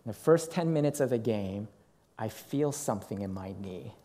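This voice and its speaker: A middle-aged man preaching, telling a personal story in an animated way and acting out what people said. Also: lowish voice, normal speed. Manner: animated storytelling with acted quotes. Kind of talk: sermon storytelling.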